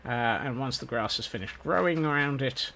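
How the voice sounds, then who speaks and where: With a mid-range, expressive voice at normal speed and a sharp tone, a Scottish man rambles through casual commentary on the game he's streaming, joking at his own expense. Faint music plays behind him, and the audio carries slight hiss or hum.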